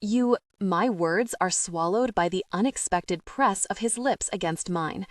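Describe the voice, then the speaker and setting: Woman narrator, first-person dark romance reading, dramatic and expressive, dry booth sound. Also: fairly low pitch, a little slow, no echo. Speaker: audiobook narrator.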